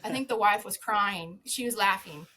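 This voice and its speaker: A woman's voice: medium pitch, normal speed, pushed and bright, a little hiss or hum. A woman guest on a podcast, a former zookeeper telling a casual anecdote, swearing freely and laughing often.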